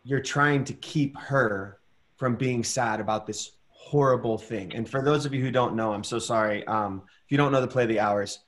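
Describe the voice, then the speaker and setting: A man giving a gentle, encouraging acting critique over a video call, pausing often to search for words. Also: on the low side. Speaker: masterclass teacher.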